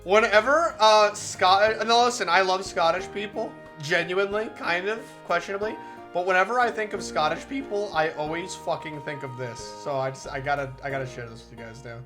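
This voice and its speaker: A woman's voice: lowish voice, a little fast, music in the background. Giggly, profane woman streamer. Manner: giggly, profane, self-mocking asides. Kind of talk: live-streamed visual novel reading.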